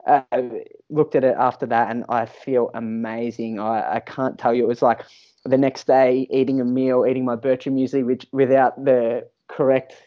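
A man's voice: mid-range voice, flat delivery, normal speed, highs cut off. Earnest man telling a candid story. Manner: earnest, frequent repeated words and restarts. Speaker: podcast guest, fitness professional.

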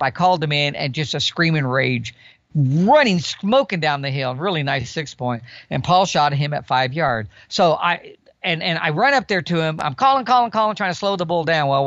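A man in his sixties, a guest on a podcast, telling an animated story about the outdoors, sometimes imitating animal calls. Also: fairly high pitch, no echo, dull audio. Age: 60s. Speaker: guest elk hunter.

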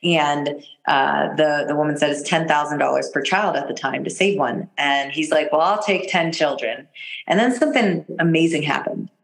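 A woman guest on a podcast, an energy healer telling a personal story in casual chat, animated and laughing often as she acts out what people said. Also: deep voice, normal speed, creaky, low-quality recording. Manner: animated, laughs often, jumps into quoted voices.

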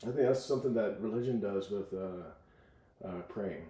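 A man coaching in a casual podcast conversation, telling stories with lively acted-out quotes. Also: on the low side, moderate pace, echoey room. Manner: animated storyteller, acts out voices in quotes.

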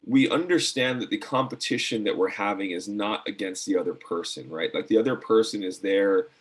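Husky-voiced man telling an earnest story. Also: fairly low pitch, fairly quick. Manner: earnest, many fillers and restarts. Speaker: guest, former decathlete. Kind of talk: casual storytelling interview.

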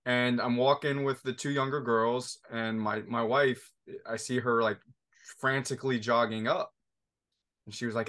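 A man's voice: medium pitch, steady tone, normal speed, fairly bright tone. A podcast host in his thirties, a father, telling a long family story in a casual interview, full of restarts and fillers. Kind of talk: conversational interview.

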